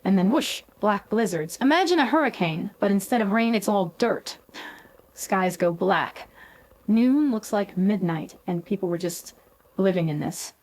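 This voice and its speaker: A woman's voice: mid-range voice, lively intonation, a little slow, a little mellow, rough recording. A woman with a mid-range voice co-hosts a scripted podcast. She reacts in a sassy, dramatic way and plays up every exaggeration. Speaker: co-host.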